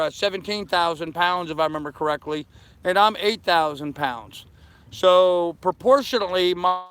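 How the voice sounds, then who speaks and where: Speaking into a handheld phone aboard his small anchored sailboat, an older sailing vlogger answers his live stream viewers' comments one at a time. His high-pitched voice sounds a bit bright and clean, with no room sound.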